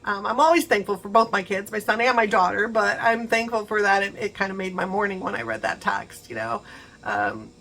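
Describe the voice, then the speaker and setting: A woman's voice: mid-range voice, animated, a little fast, creaky, sharp tone, a little hiss or hum, poor audio. A middle-aged woman chatting casually to her viewers, encouraging and laughing often. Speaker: vlogger. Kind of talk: casual chat to camera.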